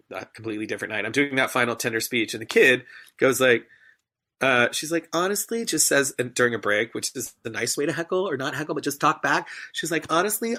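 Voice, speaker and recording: A man, a stage performer, telling an animated story in a podcast interview and acting out the people in it. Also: mid-range voice. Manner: animated, acts out voices in his anecdotes.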